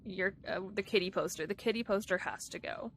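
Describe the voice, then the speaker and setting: A woman's voice: medium pitch, a little fast, a bit bright, slight background noise. Giggly woman streaming a game. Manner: chatty, giggly, talks to her viewers. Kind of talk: live-streamed gameplay chat.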